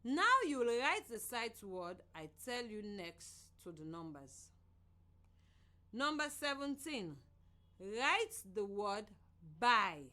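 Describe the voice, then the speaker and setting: Slow, lively woman radio teacher. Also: fairly high pitch. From Sierra Leone. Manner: slow, clear, sing-song teaching voice. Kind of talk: scripted radio lesson for children.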